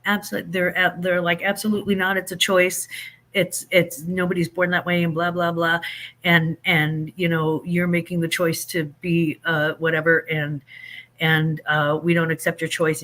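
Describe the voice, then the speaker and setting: A man hosting a casual livestream, chatting animatedly with viewers and reading out their comments. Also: on the high side. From Saint Louis. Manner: animated, chatty, drawn-out emphatic phrases. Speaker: livestream host.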